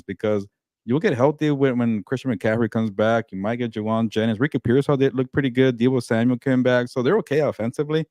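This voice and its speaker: A man's voice: mid-range voice, a little mellow, no room sound. Man, sports talk co-host, emphatic rants, dry close sound.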